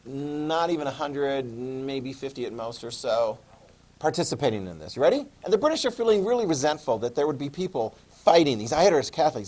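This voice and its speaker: A man's voice: mid-range voice, animated, moderate pace, a little mellow. A man teaching a history class, chatty and quizzing his students as he goes. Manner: chatty, asks the class questions. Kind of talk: classroom lecture.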